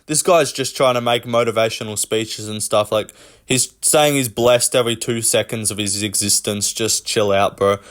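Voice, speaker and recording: A man's voice: on the low side, steady tone, moderate pace, fairly bright tone. A young man hosting a casual commentary rant, blunt, mocking and full of swearing. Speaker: host.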